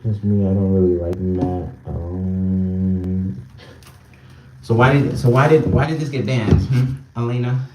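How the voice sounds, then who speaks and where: A man's voice: low voice, a little slow, mellow, roomy sound, recorded from a distance, soft background music. A young man hosting a casual live stream, bantering with his chat, reading their comments aloud and laughing often. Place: indoors at home, small room.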